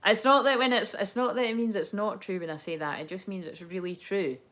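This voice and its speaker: A woman's voice: mid-range voice, steady tone, a little fast, a bit bright. A young adult woman giving a casual tarot reading, talking in a candid, rambling way and cursing freely. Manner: rambling, candid, swears and laughs often. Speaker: tarot card reader.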